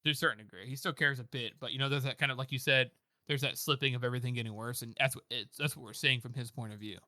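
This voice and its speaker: A man co-hosting a podcast chats about books in a loose, rambling style, with constant "like" and "you know" and frequent laughter. His mid-range voice is sharp and fairly even, delivered rapid-fire. The studio-quality recording has no echo.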